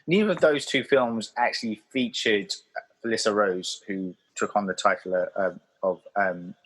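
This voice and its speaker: A man chats through a film discussion on a podcast, circling his points with plenty of fillers and false starts. His voice has a husky, rough edge to it. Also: on the low side, moderate pace, a bit bright. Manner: rambling, many fillers and restarts. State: hiccuping. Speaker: podcast co-host.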